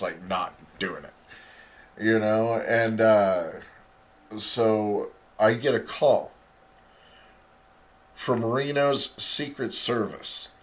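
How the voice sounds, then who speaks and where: A middle-aged man hosting a podcast, telling a rambling, profane story in a casual monologue. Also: mid-range voice.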